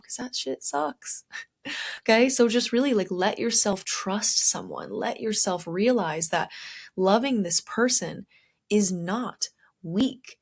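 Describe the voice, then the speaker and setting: Casual self-help podcast woman. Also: medium pitch. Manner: warm coaching tone, addresses listener directly with "okay?"; acts out inner voices in quotes. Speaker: podcast host.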